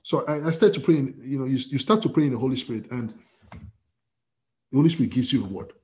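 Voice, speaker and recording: A man's voice: medium pitch, quick pace, warm tone. A man preaching as pastor, emphatic and repetitive, with many restarts and fillers. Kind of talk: sermon.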